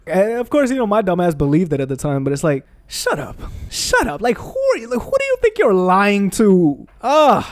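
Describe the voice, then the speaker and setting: Young man ranting profanely, higher voice. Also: huge pitch swings, moderate pace, few pauses, slight background noise. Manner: profane, heated venting. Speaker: gaming video creator. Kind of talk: casual rant while playing a video game.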